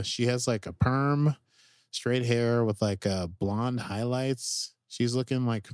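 Man, casual podcast recapper, animated, acts out lines, dry close sound. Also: medium pitch, no echo. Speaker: podcast co-host. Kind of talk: casual chat recapping a TV episode.

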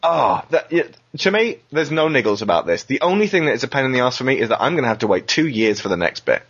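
A man's voice: medium pitch, big pitch swings, fast talker, a bit bright, breathy edge. A man hosting a casual podcast chat, enthusiastic and swearing freely as he acts out quotes. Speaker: podcast host. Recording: dull lo-fi podcast audio.

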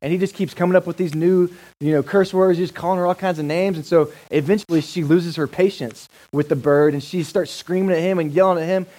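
A man's voice: a little high, steady tone, brisk, few pauses, mellow, rough recording. A male pastor giving a sermon in a casual, enthusiastic, joking manner.

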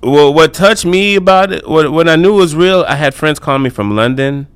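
Male guest, smooth resonant voice, blunt; dry studio sound. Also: on the high side, normal speed, dry recording. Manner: blunt and profane, with rambling asides. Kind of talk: casual radio chat. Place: radio studio.

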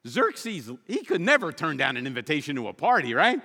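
A male pastor preaching a sermon with animated, humorous storytelling. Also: a little high, a little fast, creaky, big-room sound.

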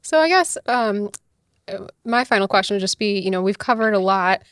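A woman's voice: medium pitch, animated, normal speed, fairly bright tone, no echo, clean studio sound. Chatty female podcast co-host. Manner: chatty, many "you know" fillers. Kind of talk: casual podcast interview.

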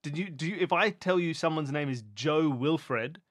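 A man's voice: on the high side, moderate pace, a bit bright, dry recording, clean studio sound. A man co-hosting a podcast, running a quiz in casual chat with a playful, teasing manner.

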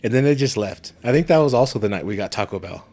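A man's voice: on the low side, fast talker. A man in casual podcast chat, telling profane stories with frequent laughter. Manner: profane storytelling, laughs often, animated.

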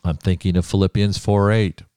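A man's voice: sits low, flat delivery, normal speed, warm tone, clean tone, no room sound, studio quality. An older man preaching a fervent sermon as a pastor, building to emphatic praise.

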